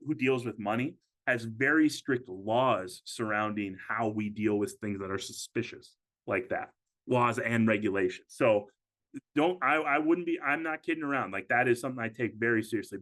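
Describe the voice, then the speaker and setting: Man, financial advisor, webinar talk, casual and chatty, lots of ums and restarts, mid-pitched voice. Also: expressive, normal speed, a bit bright. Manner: casual, conversational, with frequent fillers and restarts. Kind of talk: webinar presentation.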